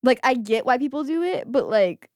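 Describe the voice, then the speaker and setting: A woman's voice: high-pitched, expressive, normal speed, a little mellow, no room sound, clean studio sound. A woman co-hosting a podcast in casual chat, giggly and chatty, often saying "like", and reading stories aloud. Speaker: podcast co-host.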